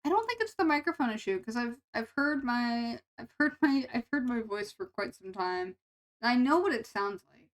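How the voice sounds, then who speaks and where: A young woman chats casually with her live-stream viewers in a slightly high, clearly nasal, gravelly voice. She rambles, giggles, and stumbles over restarts, staying very animated at a moderate pace.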